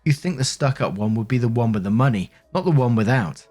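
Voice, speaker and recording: A man's voice: medium pitch, lively intonation, brisk, a little mellow, soft background music, close to an everyday voice. A man voicing a nosy, pushy young woman coworker who pries with a wheedling tone. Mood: prying. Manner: prying, wheedling.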